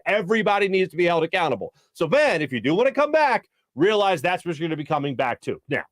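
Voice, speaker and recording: A man hosting a sports talk show, talking fast and breaking into quick impressions when he quotes people. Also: sits high, no echo, clean studio sound. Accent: Philadelphia. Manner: animated, jumps into voices for quotes. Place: studio.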